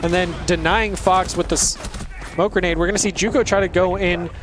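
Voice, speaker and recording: Male esports caster, high voice, tactical breakdowns, noisy feed. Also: steady tone, a little fast. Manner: detailed, tactical, conversational. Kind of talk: play-by-play commentary. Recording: noisy background.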